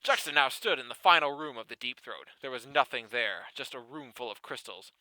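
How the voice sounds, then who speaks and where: A man's voice: mid-range voice, animated, fairly quick, sharp tone, dry recording, rough recording. A man doing a comedic, mock-serious dramatic reading of fan fiction, breaking into laughing asides. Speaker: podcast host reading fan fiction aloud.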